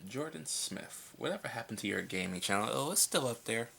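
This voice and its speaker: A man's voice: medium pitch, animated, a little fast, creaky, pushed and bright, slight background noise. A young man answering viewer questions in a casual vlog at home at night. He is laid-back and blunt, and he swears freely.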